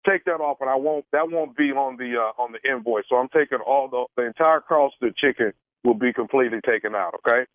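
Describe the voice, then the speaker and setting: A man's voice: mid-range voice, quick pace, hardly any pauses, no room sound, lightly acted. A man playing a stammering apologetic caterer. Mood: sheepish. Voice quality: hesitant, stammering with many uhs. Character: fumbling male caterer, apologetic and evasive. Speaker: radio prank caller. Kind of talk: prank phone call. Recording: tinny phone line.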